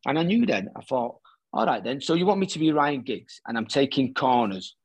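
A middle-aged former footballer tells stories as a guest on a chat show, acting out what others said. His voice is husky and sits at an ordinary male pitch. The recording is dry and close. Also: brisk, no room sound. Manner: animated anecdote-teller who acts out quoted dialogue. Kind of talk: casual storytelling chat.

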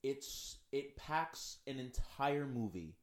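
A man's voice: mid-range voice, lively intonation, takes it slowly. A man co-hosting a podcast in casual chat, talking enthusiastically with lots of filler words. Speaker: podcast co-host.

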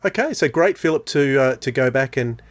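Male co-host, middle-register voice, halting and casual. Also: medium pitch, lively intonation. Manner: hesitant, many "uh" fillers. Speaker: podcast co-host. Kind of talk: casual podcast talk.

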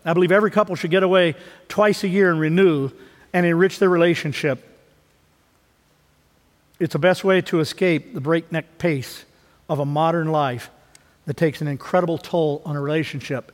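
A man in his fifties, a pastor preaching a sermon in a conversational way, dropping to low asides and rising for emphasis. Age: 50s. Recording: long hall reverb.

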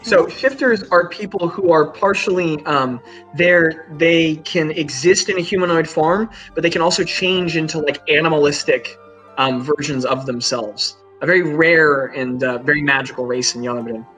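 Brief: male game master, slightly high voice, relaxed rambling narration, soft music under. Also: moderate pace, rough recording. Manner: casual, rambling with fillers.

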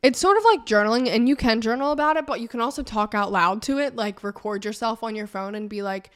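A woman's voice: fairly high pitch, fast, few pauses. Frank, profane young woman podcaster. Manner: frank, profane, animated, acts out imagined dialogue. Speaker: podcast host and life coach. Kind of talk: casual advice monologue.

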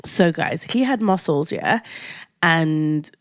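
Teasing woman podcast co-host, low-ish, dry. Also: lively intonation, slow, dry recording. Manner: playful, teasing, talks over her partner. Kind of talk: casual chat.

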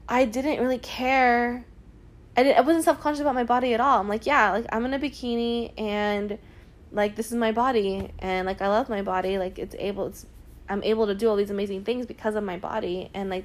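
High-voiced young woman telling a story. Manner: chatty, heavy use of "like" fillers; earnest and emotional. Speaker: podcast host. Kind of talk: personal storytelling podcast.

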